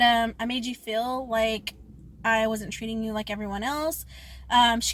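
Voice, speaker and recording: High bright-voiced young woman vlogging. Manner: chatty, emotional, lots of "like" fillers. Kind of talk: casual storytime vlog.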